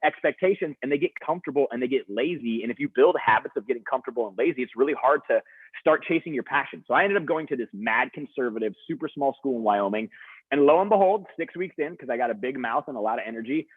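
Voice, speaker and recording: Fast-talking man over a phone-like line. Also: medium pitch, dry recording. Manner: energetic, chatty, lots of "like". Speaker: motivational speaker. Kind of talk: storytelling talk to students. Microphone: video call. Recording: dry, husky, phone-like video call audio.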